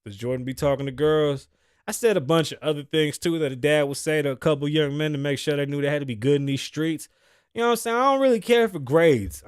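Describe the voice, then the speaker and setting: Brash, high-voiced man ranting. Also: dry recording, clean studio sound. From United States. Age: 30s. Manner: profane, brash, opinionated. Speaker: podcast host. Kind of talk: solo comedic rant.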